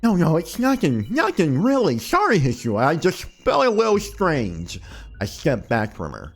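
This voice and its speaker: A man's voice: a little high, wildly swooping pitch, measured pace, voice pushed up, heavily acted. A man voicing a troubled young male student, reading his first-person narration and lines from a visual novel. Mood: uneasy.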